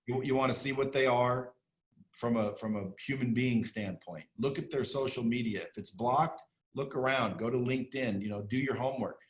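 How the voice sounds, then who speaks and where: A man speaking as an interview guest in a blunt, emphatic way, firing off questions and swearing casually. His voice sits at a medium pitch. The recording carries a noticeable room echo. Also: normal speed. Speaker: interview guest, sales training entrepreneur. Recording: echoey room.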